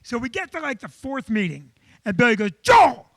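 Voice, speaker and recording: High-voiced bright male comedy host. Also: fairly quick, no echo. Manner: animated, chatty storyteller. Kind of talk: live comedic storytelling. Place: comedy club.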